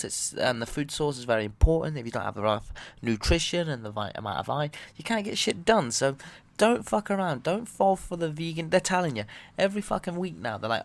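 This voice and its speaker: A comedian hosting his own podcast, ranting loudly and swearing as he goes. His voice sits at an ordinary middle pitch, and he delivers a comedic monologue full of animated outbursts.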